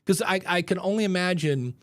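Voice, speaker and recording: A man's voice: sits high, a little fast, no room sound, clean studio sound. A man hosting a podcast, chatting casually and acting out the voices in his stories. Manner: animated storyteller acting out quotes. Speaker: podcast host. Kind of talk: casual conversation.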